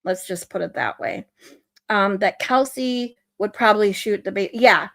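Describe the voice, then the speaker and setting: A woman's voice: medium pitch, normal speed, vocal fry, fairly bright tone. A woman hosting a casual livestream, ranting in exasperation while she reads and answers viewer comments. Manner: ranting, exasperated, reacting to chat. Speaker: livestream host.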